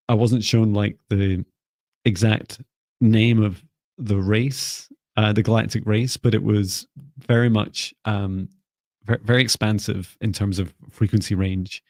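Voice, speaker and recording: A man co-hosting a live stream, giving gentle, meandering psychic readings with many fillers. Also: on the low side, no room sound. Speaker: psychic reader, co-host.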